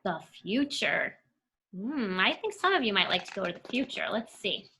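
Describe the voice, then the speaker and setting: A woman's voice: mid-range voice, sing-song, moderate pace, vocal fry, bright, forceful tone, slightly rough. A young woman teacher reading a picture book aloud to her class, with playful, chatty asides to the children. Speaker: elementary school teacher.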